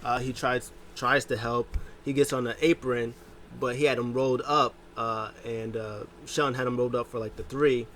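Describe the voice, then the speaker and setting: A man talks through last night's wrestling in a loose, casual recap, his pitch leaping up whenever he quotes someone. There's a faint hiss of noise under the recording. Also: moderate pace. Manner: animated retelling, jumps pitch to quote wrestlers. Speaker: wrestling show recap host.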